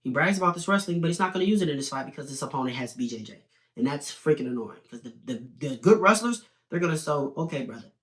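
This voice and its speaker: A young man giving opinionated, animated fight predictions in a casual video commentary. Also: medium pitch. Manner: opinionated, animated, talks in quick bursts with restarts. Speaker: sports betting and fight prediction host.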